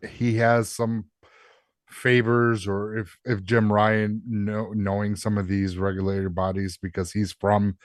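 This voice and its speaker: Low-voiced, halting man ranting on a podcast. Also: little pitch movement, no echo, clean studio sound. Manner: halting, restarts, swears for emphasis. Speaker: podcast co-host. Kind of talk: casual podcast chat.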